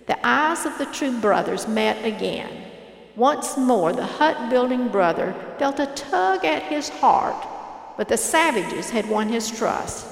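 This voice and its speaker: A woman reading a parable aloud in a measured, earnest storytelling manner. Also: a little high, lively intonation, creaky. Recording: echoey hall reverb.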